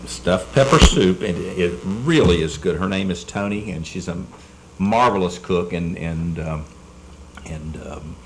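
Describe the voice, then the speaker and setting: A man's voice: deep voice, measured pace, noisy background. A man chatting easily as a dinner guest, rambling a little with repeated words and fillers. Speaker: dinner guest, state delegate. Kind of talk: casual chat over dinner.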